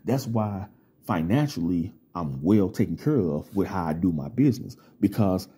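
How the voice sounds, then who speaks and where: A man lectures his audience in a casual vlog monologue, streetwise and full of profanity. His voice sits low and sounds dark and mellow. It has a husky, slightly rough grain. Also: expressive, moderate pace. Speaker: vlogger.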